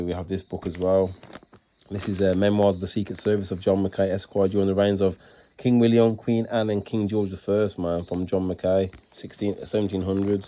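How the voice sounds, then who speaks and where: A man's voice: sits low, dark tone, slight background noise. A man speaking casually to his followers in a preachy, insistent way, often tagging "man", restarting words and reading passages aloud from books. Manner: repeats "man" as a tag, restarts and stumbles. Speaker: self-styled religious speaker.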